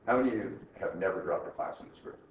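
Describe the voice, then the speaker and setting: A man's voice: fairly low pitch, animated, rapid-fire. An older man, a college professor, giving a rambling, chatty classroom lecture and laughing at his own stories. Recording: echoey classroom from far off, dull and faintly noisy.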